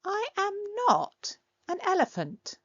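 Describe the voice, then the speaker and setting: A woman voicing a small, stubborn mouse in a storybook read-aloud, insisting and protesting in a high voice. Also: huge pitch swings, slow pace, fairly bright tone, no room sound, heavily acted. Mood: indignant. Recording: dry, slightly dull lo-fi recording.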